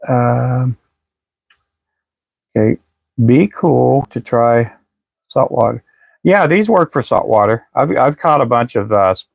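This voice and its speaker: The fishing-lure seller on this live stream has a gravelly voice on the low side, captured in a dry recording. Talking casually with viewers, he wanders, restarts sentences, and notes that he is losing his voice.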